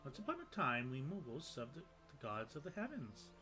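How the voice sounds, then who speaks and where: A man voicing a small, fussy male moogle creature in a game cutscene, with a high, pleading voice and a cute verbal tic at the ends of lines. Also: sing-song, normal speed, pushed and bright, faint music behind. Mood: storytelling. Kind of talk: reading game cutscene dialogue aloud in voices.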